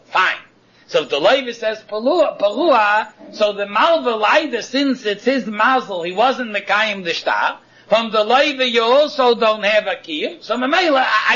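A man teaching a Talmud lesson in a lively chanting singsong, arguing both sides of a case in the first person. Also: high voice. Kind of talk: Talmud study lecture. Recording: dull lo-fi recording.

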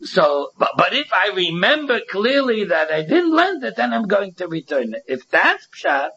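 Brief: male Talmud teacher, Yeshiva English, raised husky voice, dull lo-fi recording. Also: high voice, very animated, normal speed, pushed and bright. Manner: sing-song study-hall cadence, repeats and restarts phrases. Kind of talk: Talmudic lecture mixing English with Hebrew and Yiddish terms.

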